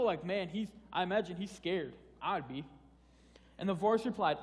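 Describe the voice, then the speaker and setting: A man's voice: high-pitched, animated, moderate pace. A man preaching a sermon in a casual, conversational way, often restarting phrases and repeating words. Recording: long hall reverb.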